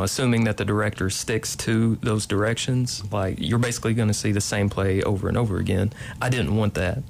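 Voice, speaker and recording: Young guy from kentucky, lowish voice, lots of ums and restarts, faint noise behind. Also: vocal fry. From Kentucky, USA. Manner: hesitant, many ums and restarts. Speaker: playwright guest. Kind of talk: casual interview.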